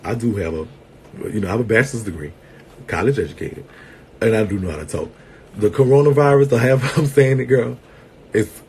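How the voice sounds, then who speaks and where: A man's voice: fairly low pitch, husky. Sassy, laughing man talking to viewers. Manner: sassy and playful, laughing often, calling viewers girl and sweetheart; swings between loud bursts and quiet asides. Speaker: vlogger and entertainer. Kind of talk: casual talk to viewers.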